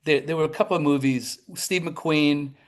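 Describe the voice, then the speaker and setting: A man in his seventies, a talk show guest telling lively anecdotes, acting out the people in his stories as he goes, with some quick bursts and restarts. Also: fairly high pitch. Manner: animated storyteller who acts out the people in his tales. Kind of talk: anecdotal storytelling.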